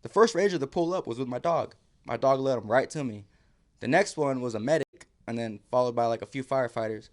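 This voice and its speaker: A man's voice: mid-range voice, brisk. A man, a podcast guest, telling a story casually, acting out quotes and laughing often.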